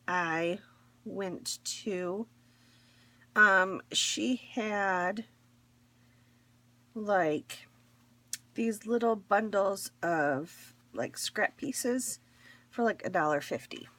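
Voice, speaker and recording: A woman's voice: mid-range voice, expressive, extremely slow, long pauses, fairly bright tone. A woman chatting casually as a crafting vlogger, showing a fabric haul in her morning voice, rambling with small laughs and fillers.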